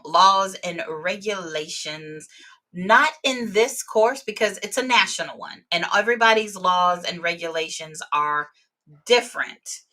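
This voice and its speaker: A woman's voice: medium pitch, fairly bright tone. A woman teaching real estate exam vocabulary in a live webinar, explaining terms with everyday examples.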